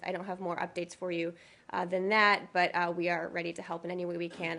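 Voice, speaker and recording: A woman in her thirties, a government spokesperson, leading a press briefing in a briefing room. She is losing her voice and moves briskly between prepared statements and informal asides. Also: lowish voice, level tone, pushed and bright. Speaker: deputy spokesperson.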